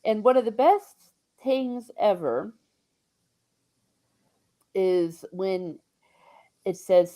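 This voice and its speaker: A woman hosting a book discussion in casual chat, laughing often and throwing in quick asides. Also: mid-range voice, animated, no echo.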